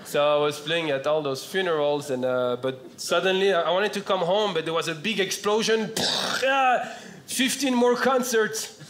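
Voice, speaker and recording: A man from France with a French accent doing stand-up comedy, delivering punchlines in a slow, deadpan way. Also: high voice, slight background noise. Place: comedy club stage with laughing audience. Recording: roomy stage sound with loud audience laughter.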